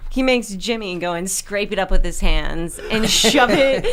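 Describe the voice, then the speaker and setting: A woman's voice: medium pitch, animated, moderate pace, a loud crowd. A woman, a comedian guest on a podcast, improvising a comic story and laughing through her lines on noisy audio.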